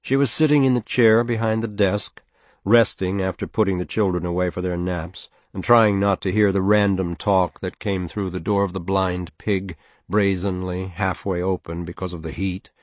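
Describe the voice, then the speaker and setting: A man narrating a novel as an audiobook in a measured, even storytelling manner. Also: sits low, no echo.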